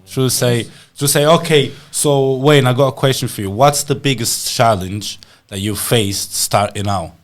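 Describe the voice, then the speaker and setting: A man's voice: mid-range voice, measured pace, few pauses. A man co-hosting a podcast interview, chiming in with short supportive remarks. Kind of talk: conversational interview.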